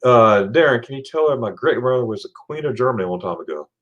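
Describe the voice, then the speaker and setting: A man's voice: medium pitch, animated, quick pace, fairly bright tone, highs cut off. A man hosting a casual livestream, chatting with a guest and reading viewer comments aloud, with frequent restarts. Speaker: livestream host.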